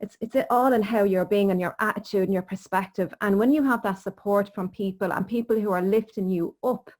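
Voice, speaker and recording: A woman's voice: medium pitch, brisk, a little mellow. A woman hosting a podcast interview as a sleep coach, speaking in an earnest, encouraging, motivational way. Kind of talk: casual conversational interview.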